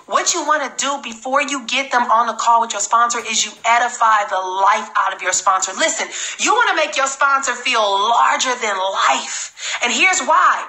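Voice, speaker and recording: A woman giving an energetic, emphatic live-streamed sales training talk as a network marketing trainer. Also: fairly high pitch, moderate pace, echoey room, rough recording. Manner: energetic, emphatic, repeats for stress.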